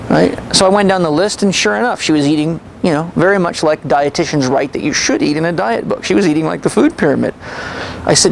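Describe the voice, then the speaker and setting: Gravelly guy lecturing, animated storyteller, slightly high voice. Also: quick pace, a little hiss or hum, poor audio. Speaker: health and fitness lecturer.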